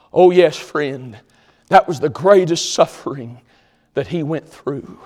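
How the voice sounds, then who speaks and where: High-pitched, animated preacher. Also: male voice, big-room sound. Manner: emphatic, swings between loud exhortation and hushed tones. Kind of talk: sermon.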